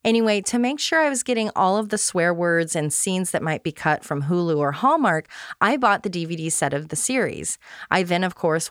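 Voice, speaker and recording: A woman's voice: lowish voice, no echo. Woman host reading a playful recap, dry. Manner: playful, self-deprecating humor. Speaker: podcast host. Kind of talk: scripted recap read aloud.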